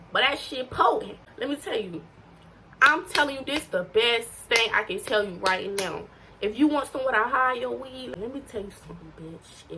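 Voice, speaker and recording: A woman's voice: a little high, fairly bright tone, low-quality recording. Teen girl vlogger, cussing, slangy, just talking straight to the cam, faint hiss behind. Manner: slangy, profane, blunt storytelling. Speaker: vlogger giving tips. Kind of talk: casual to-camera advice.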